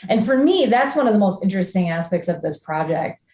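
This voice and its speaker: A woman artist talks casually on a podcast, thinking aloud and filling pauses as she works through her ideas. Her voice sits at an ordinary middle pitch. The recording has a noticeable roomy echo. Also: sing-song, darkish tone. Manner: reflective, talks through ideas with many fillers. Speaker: artist guest. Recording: echoey room.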